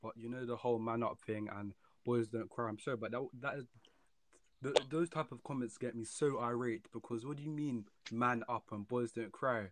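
A man's voice: medium pitch, fairly even intonation, moderate pace, slight background noise. A young man with a London accent, talking passionately and indignantly with street slang during a panel discussion. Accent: London English. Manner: passionate, ranting with slang like "bro" and "innit". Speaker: panel guest. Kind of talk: casual discussion.

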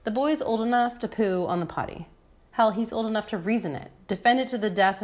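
A woman in her thirties, a mother, reading her own personal essay aloud in a frank, wry and irreverent way. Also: mid-range voice. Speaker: mother of a toddler.

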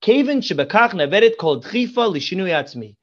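Sing-song and fairly quick, a high male voice comes through dull audio. He's a rabbi appearing on a podcast, teaching Torah by way of stories and effusive in praise that he repeats often.

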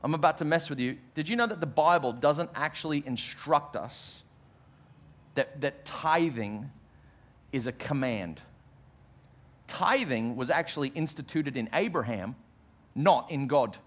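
A man delivers a sermon in a fairly high voice. He preaches at an unhurried pace and leans hard on key words, sinking his voice for emphasis. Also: expressive, a bit bright. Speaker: pastor.

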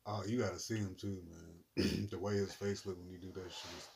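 A man's voice: low-pitched, level tone, moderate pace, creaky, darkish tone, husky. A man co-hosting a podcast, chatting loosely in slang and laughing as he retells jokes. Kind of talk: casual chat.

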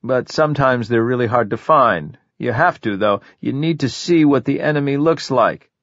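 A man's voice: mid-range voice, normal speed, fairly bright tone, dry recording, highs cut off, close to an everyday voice. A man voicing a paranoid, agitated middle-aged man who is suspicious and snaps in exasperated outbursts. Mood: conspiratorial.

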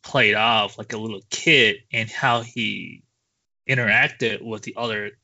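A man's voice: on the low side, steady tone, a little slow, gravelly, pushed and bright, no room sound, highs cut off. A man co-hosting a podcast, mostly chiming in with short reactions and musing replies in casual chat. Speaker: podcast co-host.

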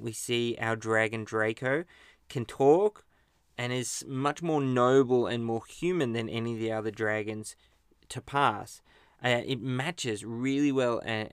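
A man hosts a relaxed movie countdown and chats easily between clips. His voice is smooth and clear at a mid pitch. It is recorded close and dry, with no room sound. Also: no echo. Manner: chatty, chuckles at his own slips. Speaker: podcast host. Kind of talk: casual movie countdown commentary.

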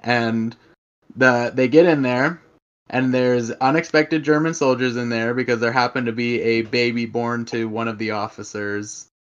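A man's voice: medium pitch, fairly even intonation, a little slow, clean tone. Enthusiastic man on a dull mic. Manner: enthusiastic, rambling. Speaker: podcast co-host. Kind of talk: casual chat about a film. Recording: slightly dull lo-fi sound.

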